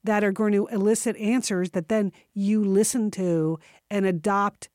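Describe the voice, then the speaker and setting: Woman cohost on a work advice podcast, direct no-nonsense tips, mid pitch, dry close mic. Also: fairly even intonation, normal speed, dark tone, no room sound. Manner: direct, frank, laughs easily. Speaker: podcast co-host giving workplace advice. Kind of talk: casual advice chat.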